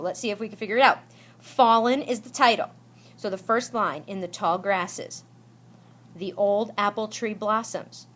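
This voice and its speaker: A woman teacher talks to her students in a slightly high voice. She explains each point slowly and deliberately. She repeats examples aloud and checks in often to make sure they follow. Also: fairly bright tone. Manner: slow, deliberate explaining with frequent check-ins. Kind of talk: recorded classroom lesson for students.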